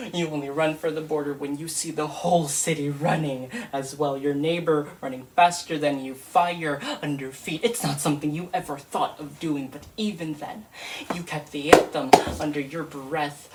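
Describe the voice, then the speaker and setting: A woman reciting a spoken word poem in a slow, measured and emphatic way. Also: sits low, recorded from a distance, slight background noise. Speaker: poetry reader.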